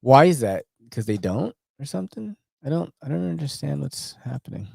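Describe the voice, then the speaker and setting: A man's voice: fairly high pitch, big pitch swings, normal speed, vocal fry, a little mellow, husky, no room sound, studio quality. A man vlogging about knives in a rambling casual chat, full of slang and frequent swearing. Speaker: knife vlogger.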